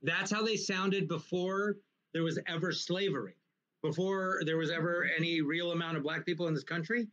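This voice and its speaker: A man hosting a casual talk show, explaining points in an animated, lecturing way with frequent restarts. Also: on the high side, normal speed, lo-fi sound. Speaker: podcast host. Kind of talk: casual conversation.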